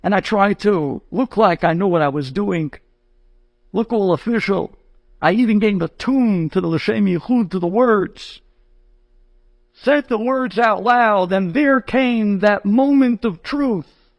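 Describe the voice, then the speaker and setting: A rabbi telling a story dramatically, building to high, excited outbursts. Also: male voice, slow, no echo. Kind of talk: animated storytelling to an audience.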